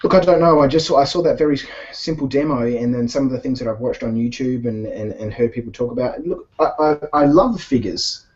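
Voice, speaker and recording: Brief: easygoing man, mellow tone, chatty and rambling, dull lo-fi recording. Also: mid-range voice, a little fast, hardly any pauses. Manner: rambling, many fillers and restarts. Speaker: podcast co-host. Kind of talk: casual chat while painting miniatures. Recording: dull lo-fi sound.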